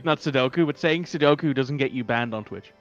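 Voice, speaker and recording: Average-pitched guy rambling on about himself, self-mocking, casual call. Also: a little fast, muffled recording, faint music behind. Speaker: tabletop game player. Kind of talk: casual chat.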